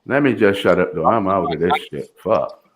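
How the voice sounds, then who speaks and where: A man with a fairly low voice argues with indignation and lectures the others. His voice has an echoey room sound with faint noise behind it. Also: animated, normal speed. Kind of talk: heated casual argument.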